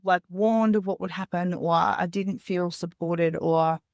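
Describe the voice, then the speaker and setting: A woman's voice: fairly low pitch, steady tone, measured pace, darkish tone, dry recording, clean studio sound. A woman in her thirties, a podcast guest, telling a personal story candidly in a rambling way with lots of "like".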